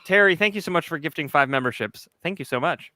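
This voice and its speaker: A man's voice: on the high side, expressive, quick pace, bright, forceful tone, no room sound, clean studio sound. A man co-hosting a casual true-crime chat, rambling and hesitant at times. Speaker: co-host.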